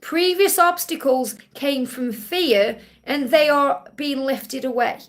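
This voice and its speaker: A woman with a high, light voice hosts a live-stream Q&A and gives spiritual readings to viewers. She is reassuring and comes back to the same points more than once. She calls each viewer honey. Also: slow. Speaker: spiritual reader hosting a live Q&A.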